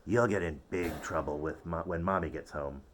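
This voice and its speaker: A man's voice: low voice, normal speed, a little hiss or hum, close to an everyday voice. A man voicing a young girl, a tattling little sister in a read-aloud children's story. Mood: smug.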